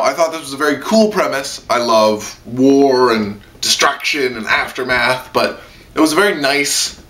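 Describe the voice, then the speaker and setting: A man giving a casual spoken anime review, rambling with lots of fillers. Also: bright, forceful tone. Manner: rambling, heavy on fillers, jumps into high-pitched mock quotes.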